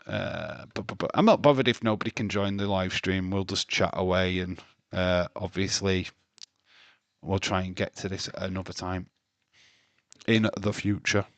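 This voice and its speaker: A man's voice: low-pitched, no echo. Sweary man ranting on a livestream. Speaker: wrestling livestream host. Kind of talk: casual livestream chat.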